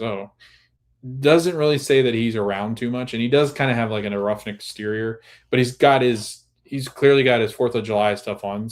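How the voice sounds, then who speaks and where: A man hosting a podcast, recapping a TV episode in a casual, rambling way with many restarts. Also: on the low side. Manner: rambling, full of restarts and "like", laughs at times. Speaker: podcast host.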